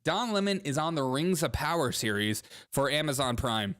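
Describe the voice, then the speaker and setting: A man's voice: on the high side, big pitch swings, moderate pace, a bit bright, smooth. A young man hosting a comedy show, riffing sarcastically on the news and laughing often. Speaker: podcast host. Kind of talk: comedic political commentary.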